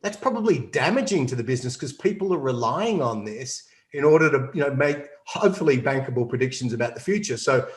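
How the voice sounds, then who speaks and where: A man's voice: medium pitch, lively intonation, fast, hardly any pauses, roomy sound. A man from Australia, a company CEO answering interview questions in a confident, explanatory way and laughing often. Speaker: CEO guest. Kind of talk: business interview.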